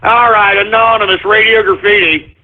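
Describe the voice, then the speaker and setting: A man's voice: high voice, steady tone, moderate pace. A man hosting a call-in radio show, ranting and swearing in an exasperated tone. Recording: tinny phone-like line.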